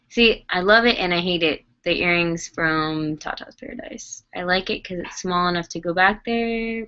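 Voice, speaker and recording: A woman's voice: lowish voice, pushed and bright, clean tone. Woman vlogging while she cleans dolls, rambly and chatty, kinda muffled lo-fi audio. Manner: rambling, chatty, many fillers. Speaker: doll collector vlogger. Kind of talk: casual chat while working.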